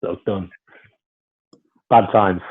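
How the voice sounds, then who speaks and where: A man's voice: sits low, fairly even intonation, slow pace, a little hiss or hum. A man, a former footballer telling stories in a casual, rambling way with lots of restarts. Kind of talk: casual storytelling interview. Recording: phone-like narrow sound.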